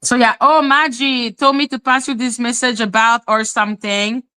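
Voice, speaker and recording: A woman's voice: on the high side, fairly even intonation, moderate pace, bright, forceful tone, clear, resonant tone. A woman hosting a livestream, talking in a heated, rambling way with many "like" fillers. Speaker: livestream host. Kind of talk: casual livestream rant.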